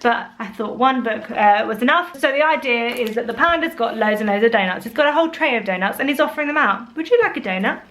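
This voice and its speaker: Lady chatting about kids books, lively, slightly high voice. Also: fast, hardly any pauses, a little hiss or hum. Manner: chatty and animated, with funny put-on voices. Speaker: vlogger reviewing children's books. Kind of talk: casual chat.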